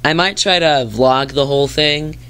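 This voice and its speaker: A man's voice: fairly high pitch, normal speed, sharp tone, clear, resonant tone. A young man vlogging casually, rambling and upbeat as he talks straight to his viewers from home and then his front yard. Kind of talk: casual vlog chat.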